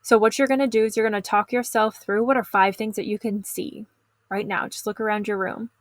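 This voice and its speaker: A middle-aged woman coaching teens in an instructional video lesson, calm and encouraging, speaking straight to the viewer. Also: medium pitch, brisk, no echo. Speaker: teen stress coach.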